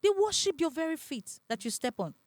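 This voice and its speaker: A woman with a Nigerian accent, a relationship advisor talking as a guest in a casual interview, animated and dramatic, laughing often. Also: high-pitched, brisk, no room sound, studio quality. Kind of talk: casual podcast interview talk.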